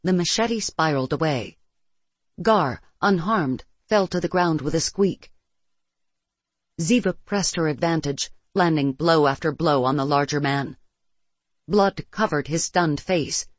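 Audiobook narrator, steady storytelling, dry booth sound, close mic, no room echo. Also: mid-range voice, unhurried. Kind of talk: scripted fiction narration.

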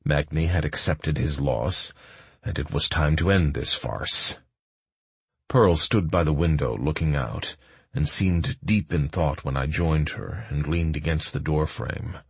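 A man narrating a first-person audiobook in a calm, measured manner. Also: extremely low pitch, slightly rough, no room sound.

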